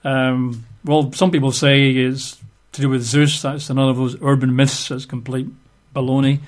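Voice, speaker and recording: A man's voice: medium pitch, flat delivery, moderate pace. A man giving an informal Bible teaching, chatty and wry, spelling out names letter by letter. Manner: conversational, wry asides, spells out words letter by letter.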